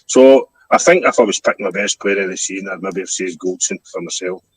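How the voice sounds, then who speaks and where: Scottish man, husky voice, lowish pitch, frank casual chat. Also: a little fast, no echo, rough recording. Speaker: guest fan.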